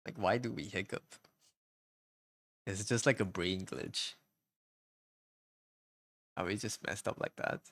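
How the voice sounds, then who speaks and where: Male streamer, low gravelly voice, dry close mic, rambling goofy chat while drawing. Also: a little slow, long pauses, fairly bright tone, no echo. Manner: rambling, self-chatting, goofy asides. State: hiccuping.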